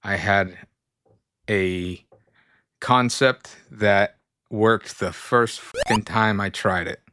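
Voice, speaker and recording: A man co-hosting a podcast, telling stories in relaxed casual chat. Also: on the low side, takes it slowly, no room sound. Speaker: podcast co-host.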